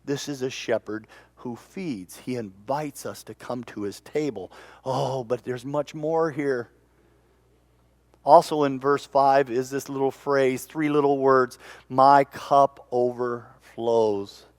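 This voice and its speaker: Male pastor, animated sermon storyteller, dry close sound. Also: medium pitch, unhurried, no room sound. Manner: animated storytelling, repeats words. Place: church.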